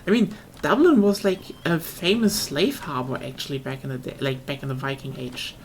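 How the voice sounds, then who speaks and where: A woman's voice: low voice, normal speed, darkish tone, a little hiss or hum. A young woman with a German accent, chatting casually and rambling on a live stream, swearing now and then.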